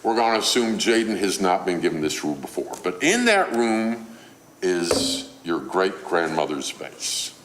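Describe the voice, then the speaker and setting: A man's voice: sits low, sing-song, measured pace, a bit bright, a little hiss or hum. A man preaching a sermon on parenting, telling a story and acting out a mother's scolding.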